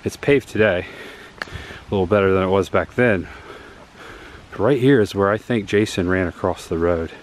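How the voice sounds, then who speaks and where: A low-voiced man narrates a casual walk-and-talk vlog in the woods, filmed on a handheld camera as he tours filming locations. He's enthusiastic and out of breath, pointing things out as he walks at a normal speed with frequent pauses. There's slight background noise.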